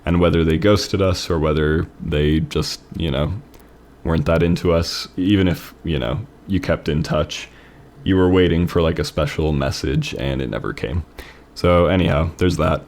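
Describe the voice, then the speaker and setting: A man's voice: a bass voice, normal speed, darkish tone. A man hosting a review of fan-submitted poems, reading them aloud and then discussing them in a thoughtful, conversational way. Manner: thoughtful, conversational, many fillers like "you know" and "right". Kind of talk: reading aloud and casual critique.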